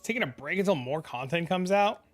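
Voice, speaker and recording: Excitable high-voiced young man streaming. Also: fairly quick, faint music behind. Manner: excitable, swears freely, reads chat aloud. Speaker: game streamer. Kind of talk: casual live-stream chat.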